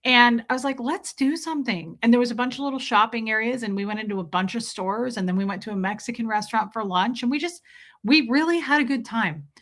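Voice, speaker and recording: A woman's voice: fairly high pitch, fast talker, a bit bright. A young woman hosting a livestream, chatting casually with her viewers, telling stories and swearing freely. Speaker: livestream host.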